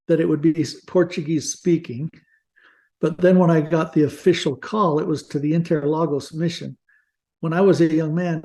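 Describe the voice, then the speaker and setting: A man's voice: a little high, dark tone. An older man talking as an interview guest, earnest and reflective, with small restarts. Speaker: guest author. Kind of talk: casual interview talk.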